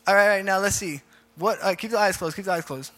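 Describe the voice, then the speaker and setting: A man's voice: high voice, fast talker, pushed and bright. A man preaching as a youth pastor in a casual, repetitive style, leading a group prayer. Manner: informal, repeats phrases, leads group prayer. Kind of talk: casual youth sermon with altar call. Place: church hall. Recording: reverberant hall with faint music.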